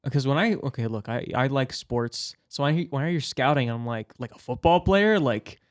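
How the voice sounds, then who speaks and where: A man's voice: medium pitch, expressive, moderate pace. Man, podcast host, casual interview, rambling, hesitant, restarts questions.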